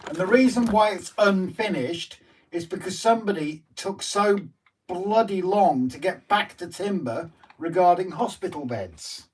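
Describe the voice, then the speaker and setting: A man's voice: sits high, measured pace, slightly rough, recorded from a distance. A man chatting casually on a live stream, teasing his partner with playful banter. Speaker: streamer co-host.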